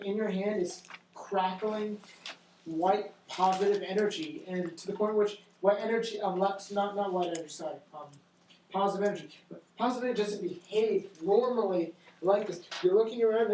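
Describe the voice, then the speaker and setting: Halting young game master in an echoey room. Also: male voice, sits high, darkish tone, a little hiss or hum. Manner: halting, many restarts and ums while describing scenes. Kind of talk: narrating a tabletop game.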